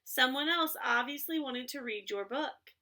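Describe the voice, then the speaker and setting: A woman's voice: high voice, moderate pace, bright, forceful tone. A woman voicing a patient older brother, a young boy coaxing his little sister.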